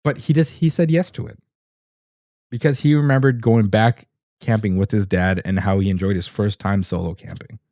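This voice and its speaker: A man co-hosting a podcast, casually recapping an anime and acting out the characters' lines with lively switches of voice. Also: on the low side, normal speed, dry recording, clean studio sound. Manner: animated retelling, acts out characters' lines. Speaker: podcast co-host.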